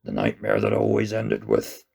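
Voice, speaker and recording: Man doing a deep, slow ancient tree monster. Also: very animated, gravelly, a little mellow, heavily acted. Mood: grave. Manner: slow, low, grave delivery. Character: ancient giant yew-tree monster, stern and patient. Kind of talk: audiobook reading.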